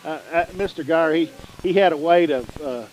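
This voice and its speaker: A man's voice: a little high, normal speed, a little mellow, rough recording. A middle-aged man hosting a local sports broadcast, talking in an easygoing, reminiscing way. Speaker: radio sports host. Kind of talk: casual chat. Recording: faint background noise.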